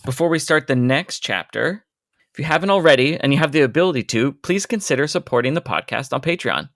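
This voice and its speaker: A man co-hosting a casual book podcast, calmly summarizing the plot and reading passages aloud. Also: mid-range voice, fast, no room sound, clean studio sound. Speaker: podcast co-host.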